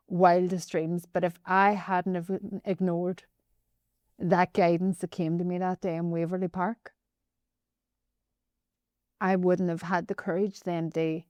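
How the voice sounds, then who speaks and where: A woman with a Northern Irish accent telling a personal story as a podcast guest, animated and often addressing the host by name. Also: on the low side, smooth, no room sound, clean studio sound. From Northern Ireland.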